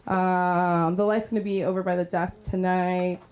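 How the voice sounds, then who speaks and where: A woman's voice: fairly low pitch, little pitch movement, measured pace, darkish tone. A woman emceeing a comedy night with an upbeat, joking delivery as she runs through the house rules and brings up the next act. There is a faint hiss of noise behind her voice. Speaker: open mic host. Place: comedy club stage.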